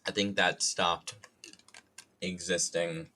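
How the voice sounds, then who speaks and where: A man's voice: low-pitched, little pitch movement, slow, sharp tone, a little hiss or hum. A man from New York streaming live, rambling casually in a self-mocking, loosely profane way with a plain, neutral accent.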